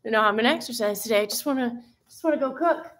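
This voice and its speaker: Woman, live-stream host, emotional and effusive, quick laughs, slightly high voice. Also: a bit bright. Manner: gushing, exclaims often, laughs between lines. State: teary, emotional. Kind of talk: casual live-stream chat.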